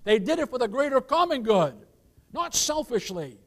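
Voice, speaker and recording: Male pastor, high voice, emphatic sermon delivery, keeps asking for amens. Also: big pitch swings, moderate pace, a bit bright. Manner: addresses listeners as "beloved", keeps asking for amens; emphatic preaching with scripture quotes.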